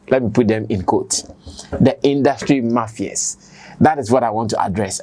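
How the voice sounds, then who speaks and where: A man's voice: medium pitch, darkish tone. A Ghanaian man hosting his own online show, delivering a spoken editorial in an emphatic, conversational way that repeats his points. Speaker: commentator and online show host.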